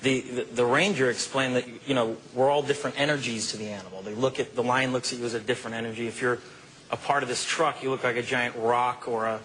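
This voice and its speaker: A man with a mid-range voice tells anecdotes as an interview guest, easygoing and animated. He leans on casual fillers as he goes. Faint noise sits under the recording. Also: medium pitch, fast, rough recording. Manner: relaxed, animated storytelling with fillers like "you know" and "man".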